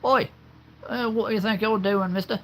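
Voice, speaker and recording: Blustery british tough guy, some guy doing a high put-on accent, squawks at you. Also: steady tone, moderate pace, a little hiss or hum. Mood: confrontational. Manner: blustery, challenging. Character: gruff British male tough guy confronting someone.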